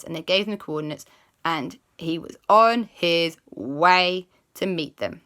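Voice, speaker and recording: A woman's voice: on the low side, expressive, a bit bright. A woman improvising a children's story as its host, chatty and playful. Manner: playful, chatty, with drawn-out hums.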